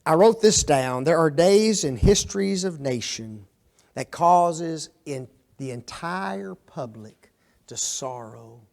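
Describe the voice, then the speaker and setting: A man's voice: a little high, expressive, slow pace, creaky, a little mellow. A man preaching an interactive Bible class, asking the room questions, repeating their answers and tagging his points with "okay?". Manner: often tags lines with "okay?" and "don't they?". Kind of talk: interactive Bible study sermon.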